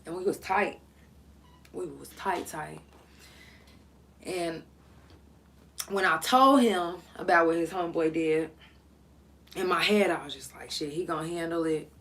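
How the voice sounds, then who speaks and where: A woman's voice: on the low side, measured pace, pauses often, fairly bright tone. A woman podcast host telling a personal story in a candid, blunt, emotional way.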